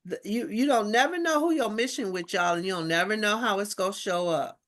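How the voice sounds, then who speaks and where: An animated woman minister in casual chat, telling stories and putting on the voices of others. Her talk is slangy and spiritual, with a middle pitch. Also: fairly quick. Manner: animated storyteller, acts out quoted voices. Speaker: guest minister.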